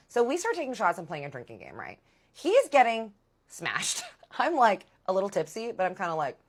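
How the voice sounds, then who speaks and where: A woman telling a personal story in casual chat, candid and animated, swearing freely and acting out dialogue. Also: lowish voice, fairly quick.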